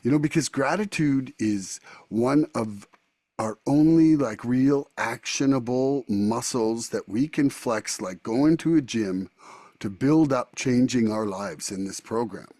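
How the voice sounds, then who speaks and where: A man hosting a recovery podcast, talking in a rambling, animated way. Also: medium pitch, unhurried, no room sound. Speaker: podcast host. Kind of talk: casual recovery podcast chat.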